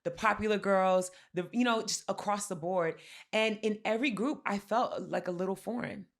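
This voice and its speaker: A woman's voice: medium pitch, normal speed. A young adult woman co-hosting a podcast, telling personal stories candidly with lots of "like" and casual swearing. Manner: candid storytelling, heavy filler "like", swears freely. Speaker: podcast co-host. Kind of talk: casual chat.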